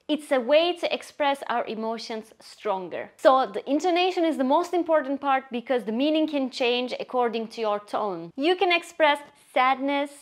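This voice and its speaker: A woman teaching a language lesson in a scripted, expressive way, acting out short example phrases. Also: high voice. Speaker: Turkish teacher.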